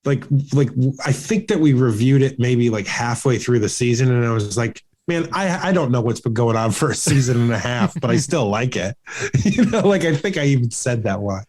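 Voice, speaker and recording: A man's voice: mid-range voice, expressive, normal speed, a little mellow. A man co-hosting a casual movie podcast, talking in long rambling runs full of restarts and fillers. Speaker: podcast co-host. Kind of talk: casual chat.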